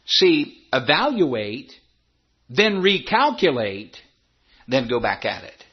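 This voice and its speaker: A man's voice: mid-range voice, sing-song, takes it slowly, breathy edge, lo-fi sound. A middle-aged man preaching a sermon, emphatic, repeating phrases and stretching key words for effect. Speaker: pastor.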